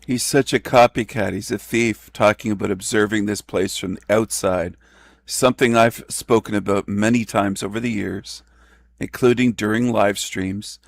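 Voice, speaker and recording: A man's voice: lowish voice, fairly even intonation, normal speed, gravelly. Scornful man ranting in reaction. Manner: scornful, insulting, repetitive jabs. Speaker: host.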